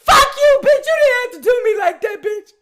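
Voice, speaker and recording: A screeching, high-pitched gossip diva as a woman puts her on screams and curses at full volume. She swings wildly up and down, her voice bright and piercing, caught between laughing and wailing. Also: animated, normal speed. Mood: ranting. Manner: shouting, cursing, half-laughing half-wailing. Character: furious loud woman gossip vlogger, shrieking.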